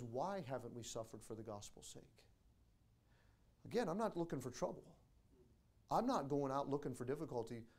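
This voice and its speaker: Baptist pastor preaching with rising intensity. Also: male voice, medium pitch. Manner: preaching, building to loud emphatic peaks. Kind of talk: sermon. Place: church sanctuary.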